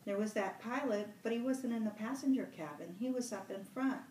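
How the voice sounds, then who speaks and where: A woman's voice: fairly high pitch, a little fast, dark tone, a little hiss or hum, voice pushed up, natural voice. A woman voicing an anxious, chattering plump schoolboy with asthma, reading aloud from a novel. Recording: roomy room, mic at a distance.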